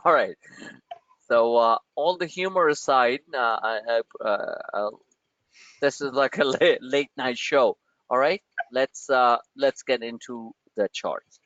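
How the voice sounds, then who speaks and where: A man hosting a livestream of market commentary, rambling and joking in an animated way. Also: medium pitch, measured pace, dry recording, lo-fi sound. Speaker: trading channel host.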